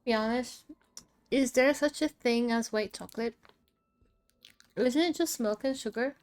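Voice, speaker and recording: A woman's voice: on the high side, measured pace, darkish tone. A woman streaming live while she draws, chatting casually with her chat between bites and laughing often. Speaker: art streamer.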